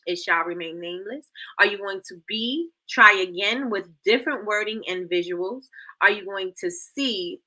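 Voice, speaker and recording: A woman hosts a casual coaching livestream, talking straight to her chat and calling them y'all. Her voice is bright and forward. She is playful and loves to repeat a point. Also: medium pitch. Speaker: livestream host.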